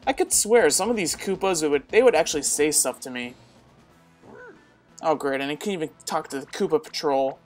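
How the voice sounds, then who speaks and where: A woman's voice: deep voice, a little fast, darkish tone, faint music behind. A woman casually commenting on a game walkthrough in a chatty, wry, self-mocking way. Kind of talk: casual let's-play commentary.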